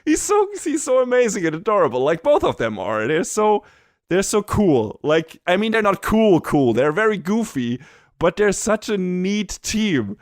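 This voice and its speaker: A man's voice: sits high, very animated, moderate pace, no echo, studio quality. A man co-hosting a podcast, chatting casually and enthusiastically, swearing and laughing often. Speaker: podcast co-host. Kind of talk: casual anime review chat.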